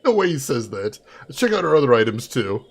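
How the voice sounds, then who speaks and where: Raspy, sarcastic game streamer man. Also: medium pitch, very animated, brisk. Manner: sarcastic, amused, talks to chat. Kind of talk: let's play commentary.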